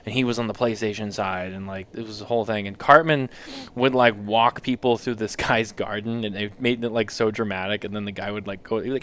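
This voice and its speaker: A man's voice: on the low side, fairly even intonation, a little fast, a bit bright. An American man co-hosting a podcast, teasing his co-hosts in rambling casual banter and laughing often. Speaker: podcast co-host.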